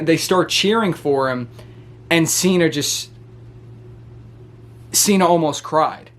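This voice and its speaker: A man recapping a wrestling show in an excitable, rambling way, with many restarts. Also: fairly high pitch, slow, pauses often. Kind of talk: casual recap commentary.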